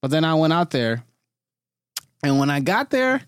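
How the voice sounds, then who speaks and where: A man's voice: a little high, sing-song, normal speed, smooth, dry recording, clean studio sound. A young man from Detroit with a Detroit accent, hosting a casual podcast chat and telling stories with easy laughs. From Detroit, USA. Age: young adult. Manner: laid-back storyteller, laughs often. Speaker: podcast host.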